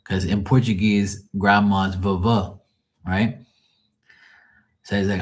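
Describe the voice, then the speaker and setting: A man's voice: deep voice, little pitch movement, slow pace, pauses often. A man hosting a live tarot stream, telling rambling family stories full of swearing and laughing asides. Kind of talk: casual storytelling livestream.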